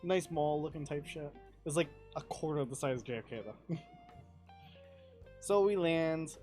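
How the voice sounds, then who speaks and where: Speaking at a normal pace in a voice on the high side, a young man guests on a podcast and recounts a trip over soft background music. He's animated and profane, cursing often and laughing through the tale.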